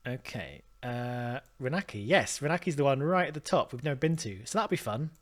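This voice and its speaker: A man's voice: medium pitch, lively intonation, brisk. Chatty man thinking aloud over a game. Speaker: let's play host. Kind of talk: gameplay commentary.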